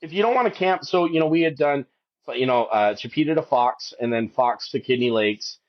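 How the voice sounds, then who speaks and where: A podcast guest in his fifties tells an emotional hiking story, rambling and restarting often, his intonation lively and his pace brisk. When quoting his wife, he pitches his voice up high. The recording's highs are cut off.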